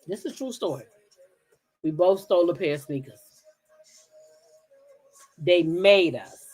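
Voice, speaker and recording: A woman from the DC hosting a casual livestream, telling stories straight to her viewers in an animated, profane way. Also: on the low side, a little slow, soft background music. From Kensington, Maryland, near Washington DC. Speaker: livestream gossip host. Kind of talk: casual chat with live viewers.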